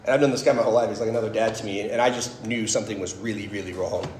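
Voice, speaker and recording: A man's voice: fairly low pitch, steady tone, very fast, darkish tone, slight background noise. Chatty man in his thirties, echoey hall. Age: 30s. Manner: conversational, storytelling, frequent "like" and "right?". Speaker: speaker giving a faith talk. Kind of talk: personal testimony talk.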